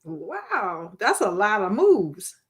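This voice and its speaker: A woman's voice: mid-range voice, takes it slowly, slightly rough. A woman hosting a talk show, adding short interjections as her guest talks. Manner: short, lively interjections and laughter. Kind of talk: interview reactions.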